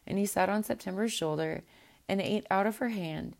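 Gentle woman reading a storybook aloud. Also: mid-range voice, creaky. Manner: gentle, unhurried reading with small restarts.

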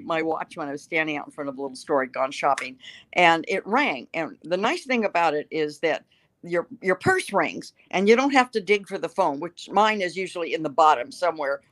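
A woman's voice: low-pitched, animated, brisk, a bit bright, no echo. An older woman, a guest writer, telling stories in a chatty, self-mocking way during a casual interview. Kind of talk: casual interview chat, storytelling.

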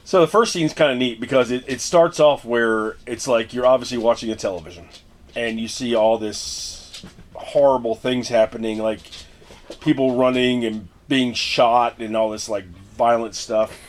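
A man's voice: medium pitch, moderate pace. A man co-hosting a podcast, casually retelling a movie plot with lots of fillers and restarts. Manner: rambling, filler-heavy retelling. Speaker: podcast co-host. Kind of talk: casual movie recap chat.

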